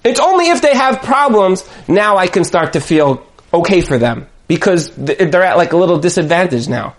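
High-voiced man giving a lively Torah talk. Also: moderate pace. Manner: animated storyteller, acts out quoted voices. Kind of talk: Torah talk with personal stories.

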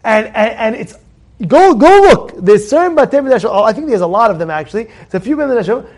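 High-voiced man giving an animated Torah lesson. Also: quick pace. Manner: animated, repetitive, rhetorical questions to the audience. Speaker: rabbi teaching a Torah class. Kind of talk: informal Torah lesson to a congregation. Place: synagogue study hall.

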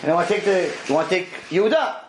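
Animated male teacher in a roomy space. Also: high voice, rapid-fire, slight background noise. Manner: animated, acts out dialogue in quoted voices. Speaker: Torah teacher. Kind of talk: storytelling lecture. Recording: roomy echo.

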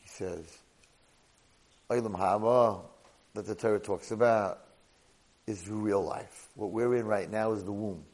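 A man teaching a Torah portion lesson to a live class, an animated storyteller sprinkling in Hebrew and Yiddish words. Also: on the low side, measured pace, long pauses, rough recording.

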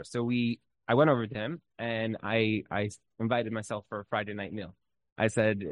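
A man leads an informal Torah class, speaking loosely with lots of "like" fillers and telling stories energetically. His medium-pitched voice moves at a normal speed, and the recording is rough but has no echo.

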